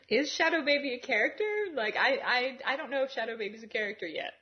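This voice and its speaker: A woman's voice: fairly high pitch, brisk. A woman co-hosting a podcast in casual chat. She laughs often and swears freely. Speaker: podcast co-host. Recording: dull lo-fi recording.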